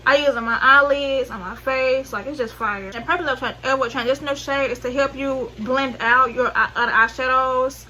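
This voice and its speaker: Walking viewers through her makeup, a Southern-accented woman vlogger rambles chattily, full of slang, self-corrections and sentences she loses track of. Her high voice is steady, pushed and bright, at normal speed with hardly any pauses, over poor audio with slight background noise.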